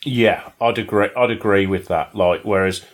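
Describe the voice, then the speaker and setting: A man's voice: fairly low pitch, fairly even intonation, normal speed. A British man, co-hosting a casual chat, teasing and full of tag questions. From Britain. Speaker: podcast co-host.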